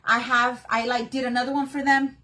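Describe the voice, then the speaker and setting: A woman's voice: on the high side, flat delivery, fairly quick, bright, forceful tone. A woman hosting a live craft tutorial on her phone, chatting and greeting viewers by name between steps. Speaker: craft workshop host.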